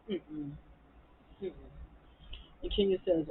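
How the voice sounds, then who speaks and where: A man rants through a reality TV recap with blunt, profane heat and a high, swooping voice. His tone is very husky and breathy with a gravelly edge. The audio is thin and tinny, as if through a phone. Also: sing-song, fairly quick, dry recording. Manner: blunt, profane, heated ranting. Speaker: reality TV reviewer. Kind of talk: TV episode recap and review.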